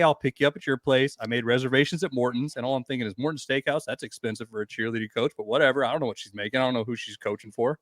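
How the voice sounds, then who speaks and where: A middle-aged man tells crude, animated stories on a podcast and acts out each person's lines as he goes. His voice is pitched at a middle height and recorded dry and close, with no room sound. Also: dry recording. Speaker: podcast guest. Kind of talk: casual storytelling chat.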